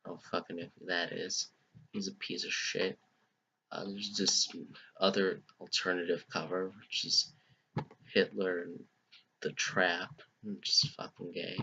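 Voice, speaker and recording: A young man giving a deliberately crude parody album review from his bedroom, rambling and swearing through a trolling rant. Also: sits low, little pitch movement, gravelly, noisy background. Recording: muffled lo-fi home recording.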